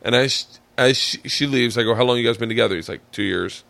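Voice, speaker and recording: On his podcast, a comedian trades stage stories in loose conversation, animated and profane, mimicking the voices of the people in them. His medium-pitched voice has vocal fry and moves at a quick pace.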